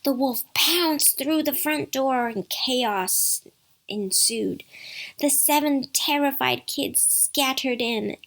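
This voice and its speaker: A woman's voice: high voice, slow, gravelly, a bit bright. A woman narrating a bedtime story with playful asides to the listener.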